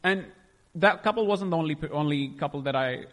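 A man's voice: on the high side, brisk, fairly bright tone, big-room sound. A young man sharing a personal faith testimony, emotional and rambling, often stopping to restart his sentences. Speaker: testimony speaker.

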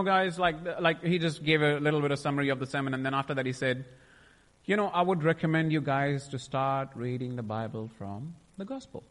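Emotional young man giving testimony, long reverb. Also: a little high. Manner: emotional, rambling, restarts often. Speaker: testimony speaker. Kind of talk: personal faith testimony.

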